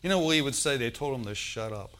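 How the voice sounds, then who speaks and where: A male pastor preaching a sermon, calling out to the congregation for responses and swinging from loud bursts to soft, low asides. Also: animated, fast talker, slight background noise.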